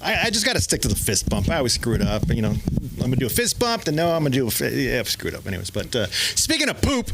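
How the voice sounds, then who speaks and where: A man in his forties from San Jose, telling a halting, dry stand-up story and introducing the next act. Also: mid-range voice, wildly swooping pitch, creaky, heavy background noise. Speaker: comedian and host introducing acts. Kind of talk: open mic stand-up.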